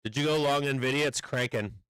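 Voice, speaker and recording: A man hosting a live stock trading stream, talking through charts and swearing loudly when a trade turns against him. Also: medium pitch, brisk, clear, resonant tone, no room sound. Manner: profane, swings from calm chart talk to furious outbursts. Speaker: livestream trading host. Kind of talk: live market stream commentary.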